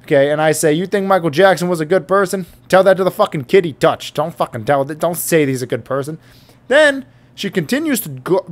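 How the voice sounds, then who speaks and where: A young man vlogging to a boom-armed mic with a pop filter, telling a story in a profane, exasperated rant. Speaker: YouTuber. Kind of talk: ranting storytime vlog. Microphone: studio mic on an arm with pop filter.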